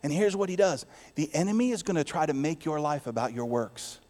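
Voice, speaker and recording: A man preaching a sermon as pastor to his church, swinging between loud declarations and hushed, soft passages. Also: fairly high pitch, animated, fairly quick, big-room sound.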